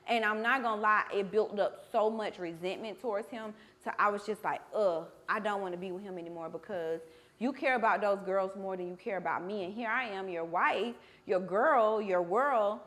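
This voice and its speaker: A woman's voice: mid-range voice, moderate pace, fairly bright tone. A young woman hosting a candid conversation over a meal, talking bluntly and emotionally with frequent swearing. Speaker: podcast host.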